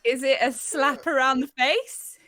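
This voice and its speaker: A woman chats casually with friends, laughing often and cheering them on. Her voice sits a little high. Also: unhurried, sharp tone, no echo, clean studio sound. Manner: giggly, encouraging. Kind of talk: casual banter.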